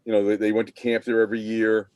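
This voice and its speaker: A man's voice: fairly low pitch, monotone, quick pace, a little mellow, no room sound, highs cut off. A man, a podcast guest who tells long stories over a video call, rambling with many restarts. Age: 50s. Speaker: podcast guest, former team manager. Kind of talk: casual interview storytelling.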